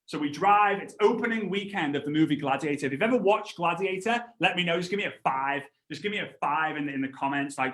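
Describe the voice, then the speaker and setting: An energetic man in his thirties runs a live training, bouncing between stories and voices. His voice sits high for a man. The room around him rings with echo. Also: quick pace, hardly any pauses. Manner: animated storytelling, acts out voices. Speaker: network marketing trainer.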